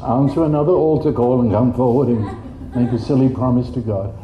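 A man preaching a sermon in an animated way, jumping up in pitch for quoted voices. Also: moderate pace, slight background noise. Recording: dull, echoey room.

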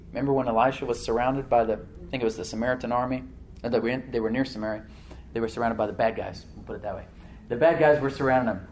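A man preaching a sermon in a homespun storytelling voice, with mid-range pitch. He drops to quiet asides and then rises into loud, emphatic declarations, repeating his key phrases. A faint noise sits under the recording. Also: fairly even intonation, quick pace, poor audio.

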